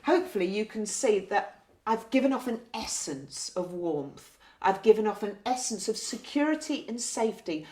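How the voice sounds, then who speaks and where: A woman working as a community nurse talks health staff through how to speak with patients. She is gentle and explanatory, and often closes a point with a tag question. Her voice sits at a middle pitch, and the room around her rings with echo. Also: expressive, normal speed. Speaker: community learning disability nurse. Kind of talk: training talk with role-play. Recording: roomy echo.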